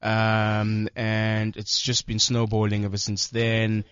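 Laid-back comedian, low voice. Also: male voice, takes it slowly, clear, resonant tone, dry recording, muffled recording. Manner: relaxed, rambling, with fillers and slang. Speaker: stand-up comedian guest. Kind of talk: casual radio chat. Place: radio studio. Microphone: studio microphone.

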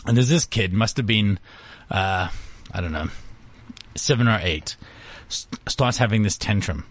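A man's voice: on the low side, expressive, unhurried. Blunt ranting man. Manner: blunt, ranting, acts out quotes. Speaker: podcast co-host. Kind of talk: casual chat.

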